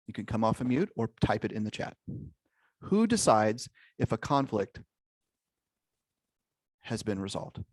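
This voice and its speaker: A man's voice: on the low side, big pitch swings, a little slow, pauses often, a little mellow, dry recording. A man leading an interactive online workshop over a video call, engaging his audience and checking in with frequent questions. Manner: engaging, peppers talk with "okay?" and "right?". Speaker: workshop leader.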